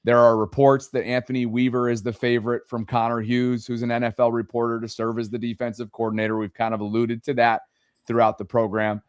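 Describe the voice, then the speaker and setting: A man's voice: mid-range voice, flat delivery, brisk, clear, resonant tone, dry recording, studio quality. A man hosting a casual sports roundtable podcast, rambling and joking as he sets up the topics. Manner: rambling, joking, many restarts. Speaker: podcast host.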